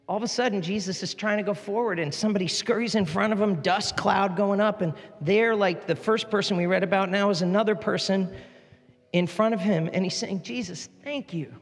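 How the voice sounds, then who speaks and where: A man preaching a sermon as pastor, animated and jokey, jumping between topics. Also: high-pitched. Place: large church hall. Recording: long hall reverb with faint music.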